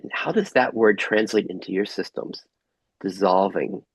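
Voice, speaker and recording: A man leads a group workshop over a video call. His voice is low and husky, and the sound is dry and close. He asks gentle, inviting questions. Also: very animated, moderate pace, no room sound, poor audio. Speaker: workshop facilitator. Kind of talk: guided group workshop facilitation.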